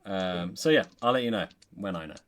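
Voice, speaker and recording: A man, the game master, chatting in a measured, deliberate way after a tabletop session. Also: deep voice.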